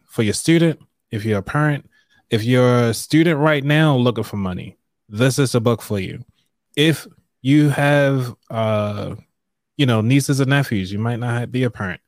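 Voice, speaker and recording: On his live online money show, a man reads a book passage aloud and talks casually, loosely and relaxed, clearing his throat and using fillers. His voice is medium-pitched with no echo.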